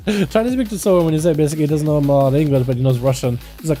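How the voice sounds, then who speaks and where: Man, livestream game commentator, high voice, mellow, energetic and hyped. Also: fast talker, faint music behind. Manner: energetic, hyped, chatty with viewers. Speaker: streamer and duel commentator.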